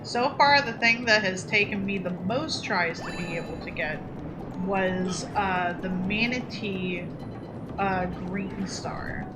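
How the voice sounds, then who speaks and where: Animated woman streamer over game music. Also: mid-range voice, takes it slowly. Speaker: streamer playing a video game. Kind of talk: casual chat while gaming.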